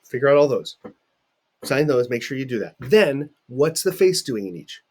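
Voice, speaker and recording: A man's voice: mid-range voice, big pitch swings, moderate pace, a little mellow. A middle-aged man teaching in a recorded video lecture, talking conversationally and putting questions to his students.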